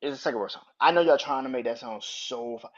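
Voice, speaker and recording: A man of middle pitch hosts a casual podcast, speaking bluntly and with plenty of profanity. His delivery keeps tipping over into loud, incredulous ranting. The recording sounds a little dull and lo-fi. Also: fast. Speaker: podcast host.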